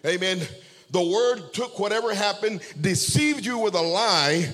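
High-voiced preacher in a reverberant hall. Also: male voice, animated, measured pace, a bit bright. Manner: fervent, repeats amen and okay to the congregation. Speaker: pastor. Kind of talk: sermon with storytelling. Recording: long reverb of a large hall.

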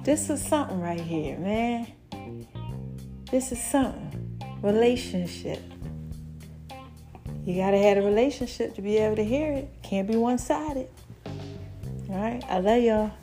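A woman hosting her own faith podcast in a casual, preachy monologue, animated and laughing often. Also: medium pitch, unhurried, long pauses, over music. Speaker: podcast host.

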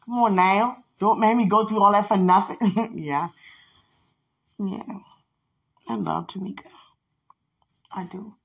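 A woman's voice: mid-range voice, fairly even intonation, a little slow, gravelly, pauses often, husky. A woman host talking casually in a podcast monologue, telling chatty stories. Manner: chatty storytelling with laughs and sudden shouts.

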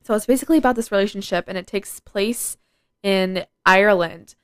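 A teenage girl hosts her own casual solo podcast, chatting and rambling with plenty of "like." She has a mid-range, smooth voice and speaks briskly, in a dry, clean studio recording.

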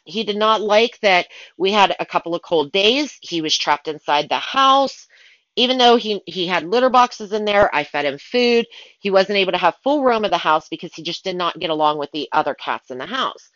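Animated woman telling pet-sitter stories. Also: mid-range voice, no echo, lo-fi sound. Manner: animated, dramatic retelling with excited asides. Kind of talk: casual storytelling.

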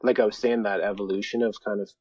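A man talking as a podcast guest in a mellow, easygoing way. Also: lowish voice, little pitch movement, fast talker, dull audio. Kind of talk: casual chat.

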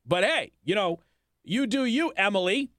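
A man's voice: high voice, lively intonation, moderate pace, fairly bright tone, no echo, studio quality. A male talk radio host, possibly from Indiana, delivering an indignant, sarcastic monologue.

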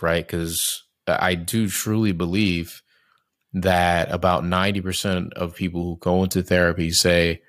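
This man's voice is low but a bit bright, captured dry at studio quality. Chatting casually, he sounds candid and reflective, frequently starting sentences over as he hunts for words and dropping the occasional casual swear.

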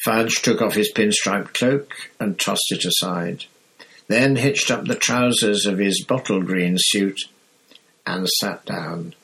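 Low-voiced man reading a story. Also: rough recording. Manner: steady, measured storytelling. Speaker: audiobook reader. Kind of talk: scripted narration.

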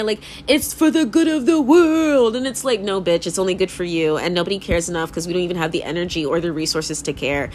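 Animated young woman, rambling podcast rant. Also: fairly low pitch, a little hiss or hum. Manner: rambling, profane, laughs often, animated; fills speech with "like". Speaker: podcast host. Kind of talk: casual monologue.

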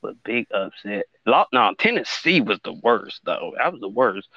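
A young man from Alabama with a Southern accent, chatting casually on a podcast, excitable, laughing often and jumping into high shouts. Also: measured pace, no room sound. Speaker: podcast co-host. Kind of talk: casual chat. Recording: dry dull lo-fi mic.

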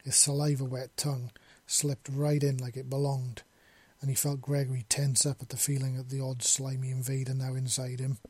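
Male narrator of a romance story with a dark, mellow, husky tone and an even delivery. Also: medium pitch, normal speed, hardly any pauses, no echo.

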